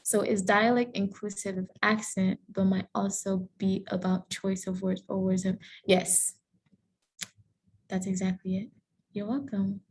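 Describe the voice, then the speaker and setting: A woman's voice: medium pitch, level tone, measured pace, a little mellow, husky. A woman from Cameroon giving an online lecture on a video call and answering audience questions in a friendly, explanatory way. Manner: friendly explanatory tone, with some fillers and self-corrections. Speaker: guest lecturer. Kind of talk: online presentation with Q&A.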